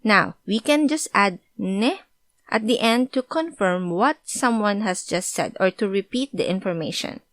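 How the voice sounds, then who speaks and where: Woman language teacher, clear patient delivery, mid pitch, dry close sound. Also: expressive, unhurried, fairly bright tone, no room sound. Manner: clear, patient explanation, switching into example sentences. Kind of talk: explaining grammar with examples.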